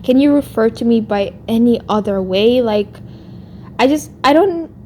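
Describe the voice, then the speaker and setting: A woman with a non-American English accent rants into the camera for her vlog. Her voice sits a little high, and she sounds exasperated, with "like" woven through nearly every sentence. A faint hiss runs under the recording. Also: normal speed, darkish tone. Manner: exasperated, heavy use of "like". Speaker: YouTuber responding to another creator. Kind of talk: vlog rant.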